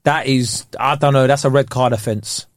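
A man co-hosting a podcast, telling stories in animated, slangy casual chat. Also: medium pitch, moderate pace, no room sound, clean studio sound. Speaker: podcast co-host.

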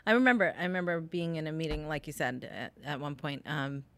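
A woman's voice: low voice, brisk, slight background noise. A chatty woman from Long Island, New York, who laughs easily in casual conversation. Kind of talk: casual chat.

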